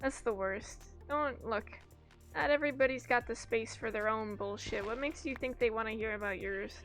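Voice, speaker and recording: Brief: young woman streamer, high voice, chatty and profane, quick to laugh, soft music underneath. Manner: chatty, swears freely, laughs often, rambling anecdotes. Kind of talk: casual chat while gaming. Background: faint background music.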